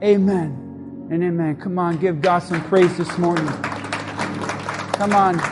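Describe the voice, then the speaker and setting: High-voiced pastor preaching in a reverberant church. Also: male voice, fairly even intonation, slow pace. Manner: impassioned, repetitive preaching cadence. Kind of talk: altar-call sermon and led prayer. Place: church sanctuary. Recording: long hall reverb, faint music.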